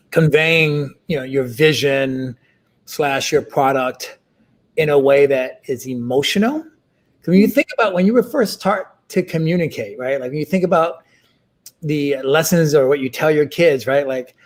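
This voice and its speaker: A middle-aged man talking casually as an interview guest, with many fillers and restarts. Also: mid-range voice. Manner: halting, full of fillers and restarts.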